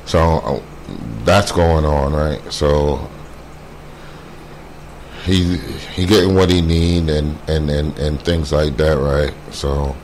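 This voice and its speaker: A man with a very deep voice tells a personal story slowly, often stopping to restart his words. His talk is casual and unscripted, full of fillers. A faint hiss sits under the recording. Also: fairly even intonation, darkish tone. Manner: halting, many fillers and repeated words; quotes others in a brisk voice.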